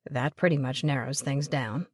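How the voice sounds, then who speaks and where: A woman voicing a gravel-voiced waitress. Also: moderate pace, a little mellow, no room sound, clean studio sound. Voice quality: deep smoker's voice. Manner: blunt, motherly, calls people hun and kiddo. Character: gruff, raspy middle-aged waitress, blunt. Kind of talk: audiobook character voice.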